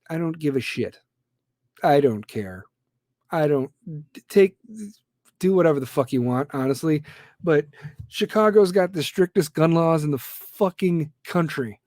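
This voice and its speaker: A man's voice: on the high side, a little slow, darkish tone, dry recording, clean studio sound. A man hosting a podcast, delivering a blunt, profane, heated rant. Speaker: podcast host. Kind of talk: ranting monologue.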